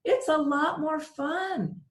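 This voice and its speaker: A high-pitched middle-aged woman speaks slowly on her radio show, relating a heartfelt personal tale and acting out the other people's voices. The audio is reverberant. Her storytelling is earnest and emotional, animated whenever she quotes someone.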